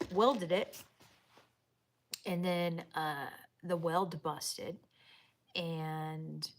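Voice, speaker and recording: A woman livestreaming casually outdoors, reading chat and talking to viewers, often dropping into whispers and bursting into laughs. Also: sits low. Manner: chatty, drops to whispers and laughs.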